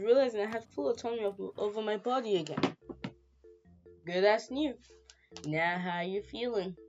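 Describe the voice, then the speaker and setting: A woman's voice: mid-range voice, muffled recording. A woman reading a visual novel aloud as she plays it, breaking off for playful asides. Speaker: gamer.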